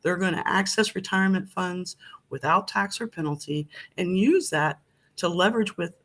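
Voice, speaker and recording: A woman's voice: fairly low pitch, moderate pace. A woman guest on a business talk show, confidently and cheerfully explaining financing options. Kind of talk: casual video podcast talk.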